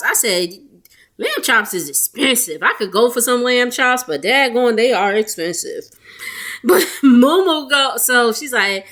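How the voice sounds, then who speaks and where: With frequent laughter, a woman vlogs a casual reality show recap, mimicking cast members in rapid voices. Her animated voice sits on the high side with a fairly bright tone.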